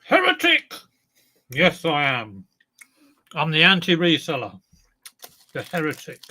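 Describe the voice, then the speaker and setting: Lively chatty man. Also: on the high side, unhurried. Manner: chatty, self-mocking, breaks into song and talks while eating. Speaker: live-streaming clothes reseller. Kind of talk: casual live-stream chat.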